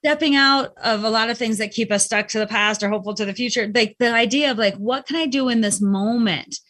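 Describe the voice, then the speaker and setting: A woman's voice: a little high, a little fast, fairly bright tone. A woman in casual conversation, talking reflectively about mindset and acting out her own inner thoughts. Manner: reflective, uses acted inner voices.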